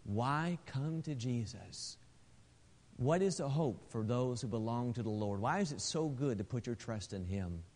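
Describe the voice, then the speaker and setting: A man preaching a sermon to his congregation, addressing them as brethren, swinging between loud exhortation and soft, slow, tender passages. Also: medium pitch, animated. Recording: long hall reverb.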